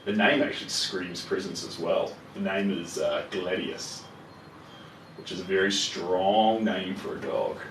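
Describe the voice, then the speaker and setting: Slow, low-voiced man painting in a roomy studio. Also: a little hiss or hum. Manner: relaxed, muttering to himself as he works and greeting viewers. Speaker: painter live-streaming his process. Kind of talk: casual live-stream chat while painting. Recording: roomy echo, voice far from the mic, faint ambience.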